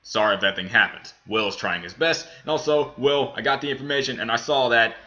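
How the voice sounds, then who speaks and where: A man's voice: medium pitch, fairly quick, few pauses, bright, forceful tone, lo-fi sound. A man hosting a reaction video, reviewing a cartoon episode in a rambling, casual way with many restarts. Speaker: reaction channel host.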